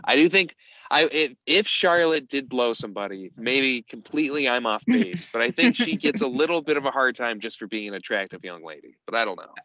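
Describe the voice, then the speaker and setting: Deadpan man with a bright voice. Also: medium pitch, fairly quick, no room sound, muffled recording. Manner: dry, deadpan humor. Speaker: podcast co-host. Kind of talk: casual recap chat. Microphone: podcast microphone.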